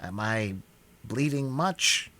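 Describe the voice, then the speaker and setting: A man's voice: mid-range voice, expressive, slow, pushed and bright. A man reading aloud, voicing a desperate, hurt grown man who pleads and frets. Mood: dazed.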